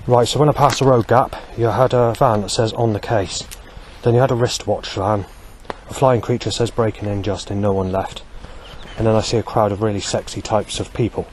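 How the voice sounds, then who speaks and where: A man's voice: fairly low pitch, brisk, a little mellow, slight background noise. A man rambling through a walking monologue outdoors, full of fillers and asides. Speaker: vlogger. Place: outdoors on a street.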